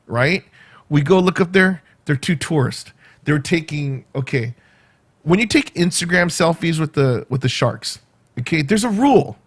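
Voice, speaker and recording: A man's voice: fairly high pitch, breathy edge. Man telling a rambling story. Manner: rambling, animated retelling with quoted asides. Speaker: vlogger. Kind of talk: casual storytelling vlog.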